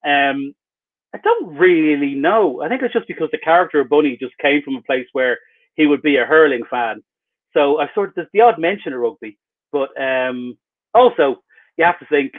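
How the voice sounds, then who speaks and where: A man, an author, giving rambling, wry and self-mocking answers in a casual interview over a video call. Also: mid-range voice. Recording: tinny phone-like video call line.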